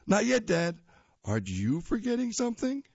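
A man voicing an excitable young boy from a comic strip in a high, eager voice. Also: normal speed, vocal fry, no echo, highs cut off, exaggerated voice.

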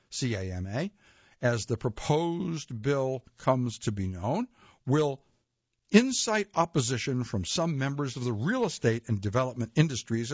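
A man reading a nonfiction history aloud in a measured way, with occasional slips and self-corrections. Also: medium pitch, slightly rough, no echo. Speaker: reader. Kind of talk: read-aloud nonfiction narration. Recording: dull lo-fi dry recording.

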